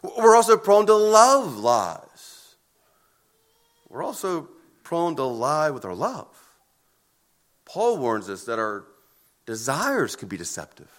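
A man preaching a sermon as pastor, earnest and emphatic, with deliberate pauses between phrases. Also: a little high, wildly swooping pitch.

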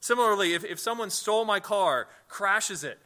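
A man's voice: high voice, lively intonation, normal speed, sharp tone. A man preaching a sermon as pastor, in a conversational way, often repeating words as he starts sentences and asking the listeners rhetorical questions. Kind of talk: sermon teaching.

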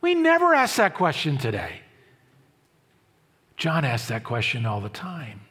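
A man pastor preaching a sermon, emphatic, repeating key phrases slowly and asking the congregation questions. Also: a little high, huge pitch swings, sharp tone, breathy edge.

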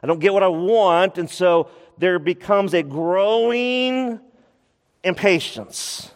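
A male pastor preaching a sermon, expressive, slowing down to stress words and acting out scripture quotes. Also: high voice, long reverb tail.

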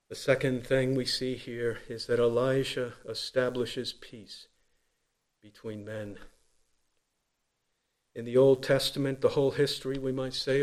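A man preaching a sermon in an earnest voice, swinging from loud emphatic lines to quiet low ones.

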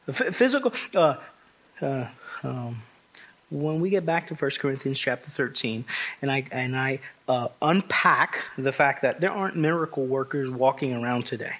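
A man's voice: medium pitch, lively intonation, normal speed, a bit bright. A man preaching an expository sermon, emphatic and conversational, often restarting phrases and asking the congregation rhetorical questions. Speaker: pastor.

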